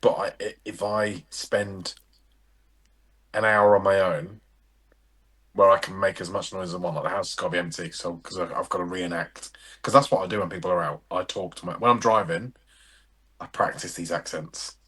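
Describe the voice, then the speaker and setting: A man's voice: low-pitched, steady tone, normal speed, pushed and bright, breathy edge. A man co-hosting a podcast in sweary, jokey casual banter. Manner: sweary, jokey, tries out accents. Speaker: podcast co-host.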